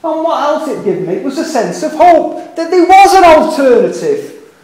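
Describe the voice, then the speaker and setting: An older man with a Liverpool accent speaks at a public meeting, earnest and a little rambling, breaking off for wry asides about himself. His voice sits unusually high for a man. The sound carries a strong echo from the hall. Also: sing-song, normal speed, darkish tone. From England. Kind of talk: impassioned public speech.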